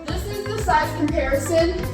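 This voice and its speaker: A young woman giving an excited, gushing tour of her new mobile home, filming on a handheld phone. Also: very high-pitched, normal speed, music in the background. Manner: gushing, excited, lots of fillers and swearing. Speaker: vlogger giving a house tour. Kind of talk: casual house tour narration.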